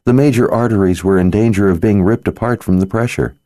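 A man's voice: on the low side, fairly quick, mellow, no echo, clean studio sound, pitched above the performer's own voice, lightly acted. A man voicing an earnest, worried young female sorceress healer, speaking in a pleading manner.

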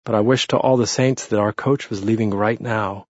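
Brief: narrator doing a plain-spoken, worried father, low voice, dry close sound. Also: steady tone, moderate pace, dry recording, dull audio, lightly acted. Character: cautious, protective middle-aged father.

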